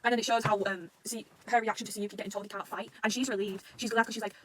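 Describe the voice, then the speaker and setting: A woman recapping a manga arc as a fan reaction, excitable and swearing a lot, breaking into gushing shouts. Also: medium pitch, rapid-fire, a little hiss or hum. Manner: excitable, swears often, gushes and shouts in bursts. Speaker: manga reaction channel host.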